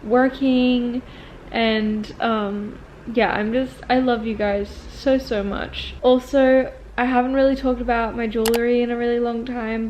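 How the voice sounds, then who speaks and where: A woman's voice: fairly high pitch, darkish tone, a little hiss or hum, low-quality recording. A woman in her twenties talking to her viewers in a casual confessional vlog, chatty and rambling with lots of "like" fillers. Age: 20s. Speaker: vlogger and acting student.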